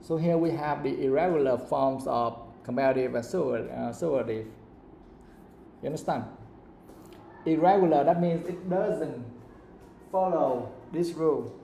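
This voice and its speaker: A man's voice: a little high, normal speed, vocal fry, pauses often, warm tone, roomy sound, a little hiss or hum. Man teaching English grammar. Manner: checks understanding with repeated questions. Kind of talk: live grammar lesson.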